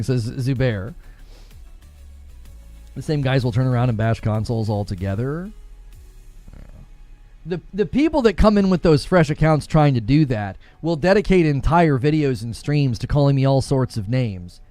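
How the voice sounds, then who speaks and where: A young man hosting a gaming live stream reads viewer comments aloud, mocking them sarcastically and laughing a lot. His voice is medium-pitched and a little mellow, with no room sound.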